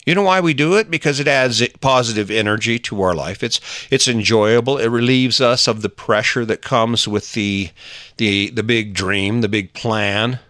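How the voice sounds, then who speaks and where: A man's voice: normal speed, fairly bright tone, no room sound. Emphatic middle-aged man, dry close sound. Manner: emphatic, coaxing, acts out little scenes in a higher voice. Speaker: motivational talker. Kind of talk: casual motivational monologue.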